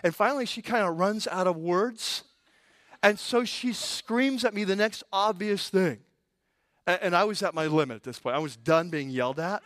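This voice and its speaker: A high-pitched male pastor delivers a sermon in a lively, comic storytelling manner. His voice is close and dry, with no echo around it. He leans into the punchlines with animated energy. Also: normal speed.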